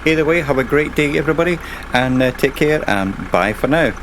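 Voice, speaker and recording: A man's voice: a little high, expressive, a little fast, noisy background. A man casually commentating his own driving game stream, chatting and rambling to himself and his viewers.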